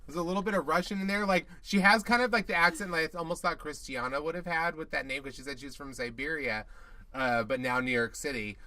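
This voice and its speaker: Bright-voiced chatty male co-host. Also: a little high, fairly even intonation, no echo. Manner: chatty, quick asides, playful mimicry of others. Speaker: podcast co-host. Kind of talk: casual chat recapping a reality show.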